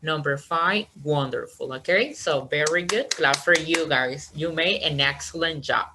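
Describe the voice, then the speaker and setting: A woman's voice: low-pitched, a little slow, noisy background. A woman teaching an online English class, encouraging her students and checking understanding with "okay?" after each point.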